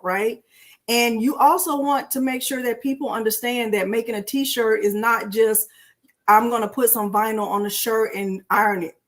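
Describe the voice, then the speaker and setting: A middle-aged woman with a medium-pitched voice hosts a casual crafting tutorial on a live stream. She talks to her viewers in a warm, chatty, emotional way, calling them "y'all."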